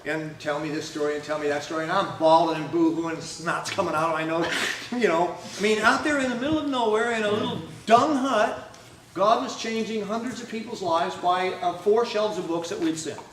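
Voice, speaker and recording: A man's voice: high-pitched, a little fast, noisy background. A man preaching a storytelling sermon, acting out the voices of the people in his story and asking his listeners questions. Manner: animated storyteller who acts out quoted speech; asks the audience questions. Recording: roomy hall recording from a distance, faint music.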